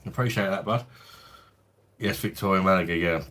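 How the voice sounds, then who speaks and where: A man nearing forty with a London accent hosts a relaxed beer livestream. His voice sits a bit low, and he chats easily, answering viewers and calling them mate. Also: normal speed. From London, England. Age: 30s. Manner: laid-back, chatty, says mate a lot. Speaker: beer review livestream host. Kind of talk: casual livestream chat, reading viewer comments.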